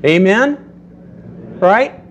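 A middle-aged man preaching a sermon to a congregation, telling stories in a lively way and acting out the voices in them. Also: high-pitched, extremely slow, slight background noise. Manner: animated storytelling, acts out voices. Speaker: pastor.

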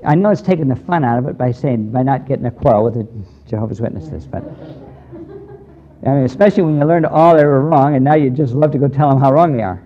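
An older American man with a mid-range voice preaches a sermon at a quick pace. He speaks earnestly and plainly in a storytelling tone, building into emphatic preaching. The recording is dull and lo-fi.

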